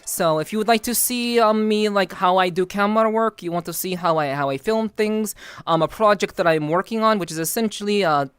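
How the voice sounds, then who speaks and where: Woman streamer, deadpan teasing, stiff formal phrasing, mid pitch. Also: brisk, clean tone, no room sound, soft background music. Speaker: VTuber streamer. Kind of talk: casual live-stream chat.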